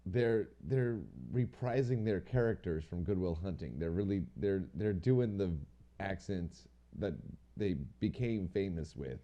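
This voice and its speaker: A man's voice: low-pitched, measured pace, dark tone, lo-fi sound. A man co-hosting a podcast, chatting casually in a rambling, slangy way and swearing now and then. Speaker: podcast co-host. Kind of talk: casual chat.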